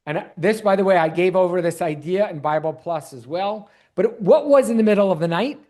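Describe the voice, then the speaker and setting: A man's voice: sits high, fairly quick. A man, a rabbi, teaching an online Bible class and quizzing his listeners. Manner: animated, quizzes the audience.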